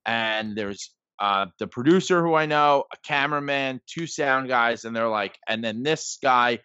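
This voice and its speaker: On dull lo-fi podcast audio with a dry recording, a thirty-something guest rambles through casual stories, leaning heavily on "like" and "um." His medium-pitched voice runs a little slow and sounds pushed, bright, clear, and resonant.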